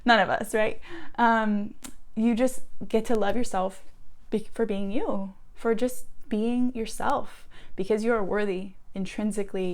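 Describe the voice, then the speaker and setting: A woman guides listeners through a self-love talk, gentle and earnest, occasionally dropping to soft whispers. Her voice is medium in pitch.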